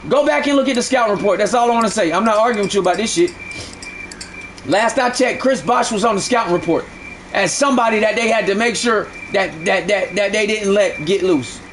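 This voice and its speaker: High-pitched male streamer, heated profane rant at viewers, repeats lines, faint background hum. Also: a little fast, fairly bright tone. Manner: heated, repetitive, profane arguing. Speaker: live game streamer. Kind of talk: ranting at live chat during a stream.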